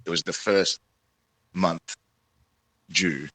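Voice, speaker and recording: A man's voice: deep voice, fairly even intonation, drawn-out words, bright, forceful tone, husky, no echo, low-quality recording. An Australian man in casual chat, asking teasing, probing questions on a call.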